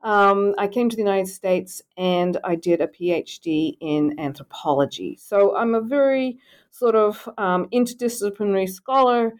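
A woman in her fifties from Australia, with a softened Australian accent, speaking as a scholar in a podcast interview, thoughtful with frequent ums. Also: medium pitch, normal speed. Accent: Australian, softened by US years. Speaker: guest scholar, department chair.

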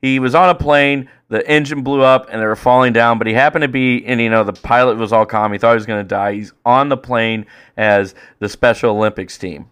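A man co-hosting a casual podcast, talking in a profane, excitable way and breaking into loud rants. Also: medium pitch, brisk, few pauses, clean tone. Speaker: podcast co-host.

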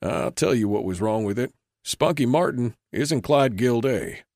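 A man voicing a calm, dignified male saloon owner in an old-west audiobook, speaking gravely and coolly. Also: medium pitch, a little slow, no room sound. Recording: dry close recording.

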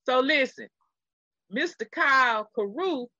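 A woman's voice: unhurried, no room sound, dull audio. A woman with a Texan accent, co-hosting a casual chat and animatedly retelling a story, acting out what people said. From Texas. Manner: animated retelling, acting out quotes in a high screaming voice. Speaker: podcast co-host.

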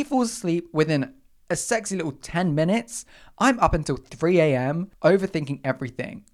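A young podcast host spinning a comic tale with a voice that leaps up and down in pitch. The delivery is dramatic and chatty, full of asides, in a middling register. It sounds like a solo storytelling episode. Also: animated, moderate pace.

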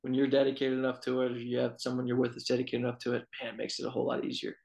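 A man's voice: mid-range voice, very fast, vocal fry, rough recording. A young man, an assistant college baseball coach, telling stories casually in an interview with many fillers. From Texas. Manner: storytelling, relaxed, many fillers.

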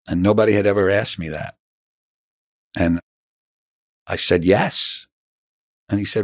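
A man's voice: lowish voice, fairly even intonation, a little slow, pauses often, dry recording. A middle-aged man, an author telling his story earnestly in an interview and acting out the dialogue he recalls. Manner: earnest, acts out quoted dialogue.

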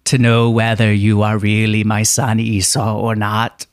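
A man voicing Isaac, an old blind father, in a slow, quavering old-man voice. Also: lowish voice, completely flat delivery, clear, resonant tone, dry recording, clean studio sound. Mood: solemn. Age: older.

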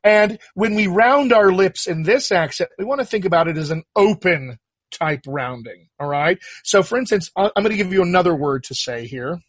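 Male dialect coach from the US, patient and explanatory, voice sits a bit high, dry. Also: animated, breathy edge, no room sound. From United States. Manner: patient, explanatory, drawn-out teaching. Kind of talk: coaching an accent on a talk show.

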